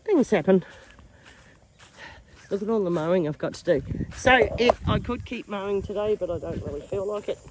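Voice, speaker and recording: Amid very noisy audio, a middle-aged Australian woman chats down-to-earth about her outdoor farm work, shooting on a handheld phone. Her voice is medium-pitched at normal speed, with long pauses.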